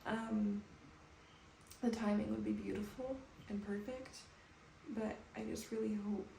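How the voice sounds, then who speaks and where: Calm woman vlogging in an echoey room. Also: medium pitch, a little slow, creaky. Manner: soft, calm, reflective. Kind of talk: personal vlog talking to camera. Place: bathroom at home, indoors. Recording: echoey room with faint background noise.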